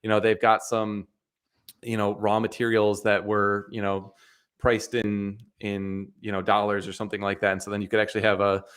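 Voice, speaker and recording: Halting, low-voiced man talking shop. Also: monotone, a bit bright, clean tone. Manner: hesitant, full of restarts and fillers. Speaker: co-host of investing live stream. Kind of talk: casual finance chat. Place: live stream recording.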